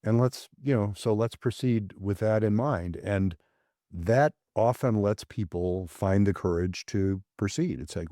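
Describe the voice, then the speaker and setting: A man, a psychologist, speaking as a guest in a thoughtful, measured way, with an occasional soft laugh. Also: lowish voice, dry recording, clean studio sound. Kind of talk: conversational interview.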